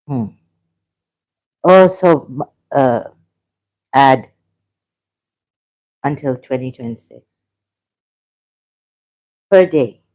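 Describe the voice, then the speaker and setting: A woman from Pakistan hosting a livestream, reading viewer comments and reacting with halting speech, many fillers and restarts, and shocked exclamations. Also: low-pitched, warm tone. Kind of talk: casual livestream talk.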